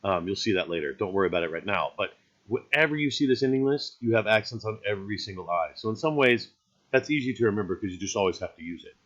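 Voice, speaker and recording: A man's voice: on the low side, expressive, quick pace, fairly bright tone, highs cut off. A man teaching a recorded grammar lesson in an easygoing, explanatory way, often checking in with "right?".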